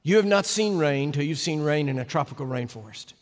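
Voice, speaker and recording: An American man preaching, telling a story with animated, sudden loud swings and emphatic delivery. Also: a little high, a little fast. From United States. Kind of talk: sermon storytelling. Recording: echoey hall reverb.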